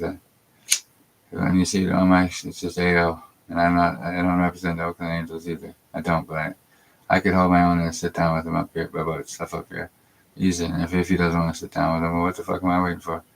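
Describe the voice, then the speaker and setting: A man's voice: sits low, low-quality recording. A man from Canada talking in a rambling, profane monologue, often repeating himself. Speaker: vlogger.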